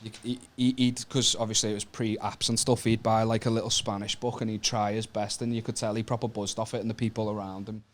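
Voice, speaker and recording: A man's voice: fairly low pitch, flat delivery, a little fast, few pauses. A man with a Northern English accent co-hosting a podcast, full of swearing, jokey banter. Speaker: podcast co-host. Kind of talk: casual chat.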